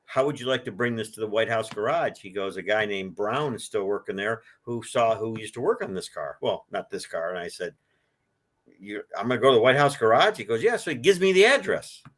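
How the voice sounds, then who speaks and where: A man's voice: fairly low pitch, animated, brisk, hardly any pauses. An older man telling rambling stories in a casual interview, acting out what other people said. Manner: rambling anecdotal storytelling, acts out quoted voices. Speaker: guest, collector of a presidential car.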